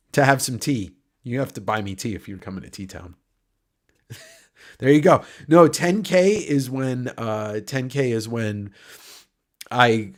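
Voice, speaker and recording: Nasal guy hosting a stream, rambly, jokey, swears sometimes, chatting to viewers. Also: mid-range voice. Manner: rambling, joking, swears freely. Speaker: livestream host. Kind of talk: casual livestream chat.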